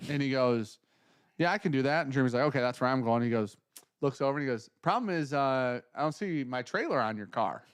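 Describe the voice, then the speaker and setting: A man's voice: mid-range voice, quick pace, clean tone, no echo. Man animatedly telling stories, casual. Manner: animated storyteller, acts out quotes. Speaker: podcast co-host. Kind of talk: casual chat.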